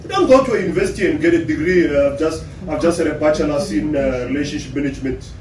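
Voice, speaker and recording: Animated South African man, high voice. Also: very fast, crowd noise. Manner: animated, acts out quoted voices. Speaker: relationship speaker. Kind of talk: motivational talk to an audience. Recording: echoey room, distant mic, faint hum.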